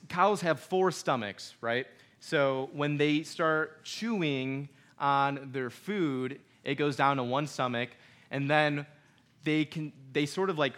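Young male pastor, relaxed preaching, mid pitch, jokes with congregation. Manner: conversational preaching with humor and asides. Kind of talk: sermon.

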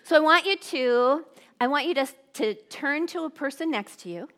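A woman in her forties giving a sermon to a live audience, bubbly and animated, dropping to hushed tones. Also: sits high, normal speed. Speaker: women's ministry speaker.

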